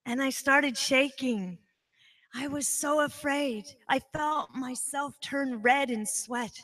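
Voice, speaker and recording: High-voiced woman giving a devotional talk. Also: takes it slowly. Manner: emphatic, animated storytelling. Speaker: devotional speaker. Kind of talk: storytelling spiritual talk. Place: devotional center.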